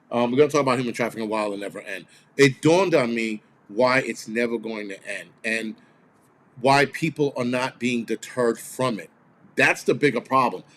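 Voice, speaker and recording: A man's voice: mid-range voice, fairly bright tone, slight background noise. A man hosting his own channel, talking in a blunt, heated, profanity-laden rant straight to his viewers. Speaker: host of a prepper channel. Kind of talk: casual ranting video monologue.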